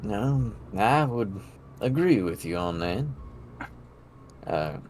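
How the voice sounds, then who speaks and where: A man's voice: on the low side, animated, slow pace, darkish tone, soft background music. A man playing a tabletop game, joking and wry about his character's chances. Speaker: player. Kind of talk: casual tabletop game play.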